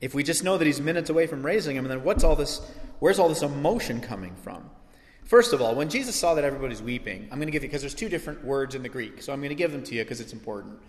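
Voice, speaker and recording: A man preaching a sermon as pastor, animated and conversational, with asides and restarts. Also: mid-range voice, quick pace. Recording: echoey hall with long reverb.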